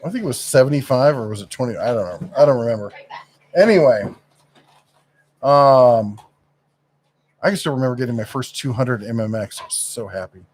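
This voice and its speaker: A man's voice: mid-range voice, animated, fairly quick, long pauses, darkish tone. A middle-aged man chats casually as co-host of a live stream. He rambles and stops often to search for the right word, with lots of fillers.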